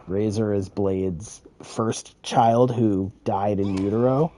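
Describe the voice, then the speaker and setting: A man's voice: lowish voice, fairly even intonation, slow pace, few pauses, mellow, a little hiss or hum. A man casually retelling a wrestling game storyline, rambling and profane, with chuckles. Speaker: gaming creator.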